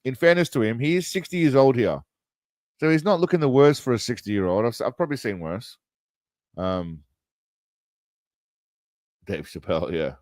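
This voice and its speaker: A man's voice: mid-range voice, lively intonation, moderate pace, long pauses, darkish tone, no echo. A man hosting a stream, casually reacting to a film trailer in a mocking, rambling way. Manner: mocking, rambling, laughs at his own jokes.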